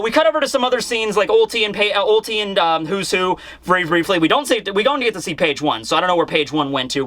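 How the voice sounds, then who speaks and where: A man giving a casual, excitable, rambling comic recap with mild swearing. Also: high-pitched, no room sound. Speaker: manga reviewer.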